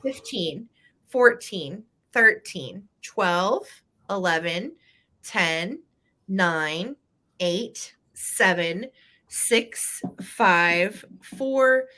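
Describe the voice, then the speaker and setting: A woman's voice: medium pitch, animated, drawn-out words, sharp tone. A woman hosting a live vintage sale, chatty and playful, laughing often as she shows collectibles and runs the bidding.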